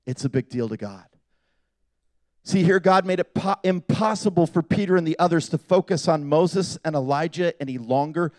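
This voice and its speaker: A man preaching a sermon with passion, swinging from loud appeals to hushed, quiet asides. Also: a little high, normal speed, no echo.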